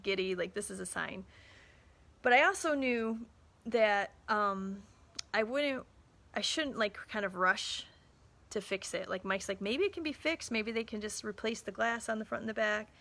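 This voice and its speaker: A small business owner and mother in her thirties tells a story during a casual live talk to her viewers. Her medium-pitched voice is bright and forceful, and she keeps the storytelling chatty, acting out quoted dialogue as she goes.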